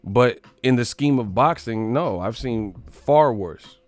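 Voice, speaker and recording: A man's voice: mid-range voice, animated, slow, dry recording. A man hosting a boxing live stream, ranting profanely and animatedly about the sport. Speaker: boxing channel host.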